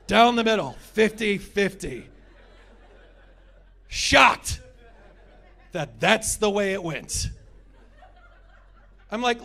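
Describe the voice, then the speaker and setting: A man's voice: high-pitched, a bit bright. Sarcastic stand-up man in his thirties. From United States. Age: 30s. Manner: crude, sarcastic crowd work. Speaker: stand-up comedian. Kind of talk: stand-up comedy set.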